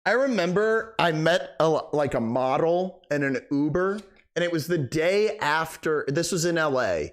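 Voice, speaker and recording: Male game streamer, slightly high voice, animated casual rambling chat. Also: a little slow. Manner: rambling, animated, thanking viewers.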